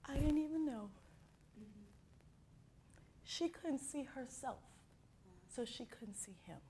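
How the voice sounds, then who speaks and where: A middle-aged woman from Miami leads an acting class. She talks at an even pace with a lively, swooping pitch, and she keeps breaking into little acted scenes. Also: slow pace, slight background noise. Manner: expressive storyteller who acts out quotes. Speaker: acting teacher. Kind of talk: animated class talk with acted-out anecdotes.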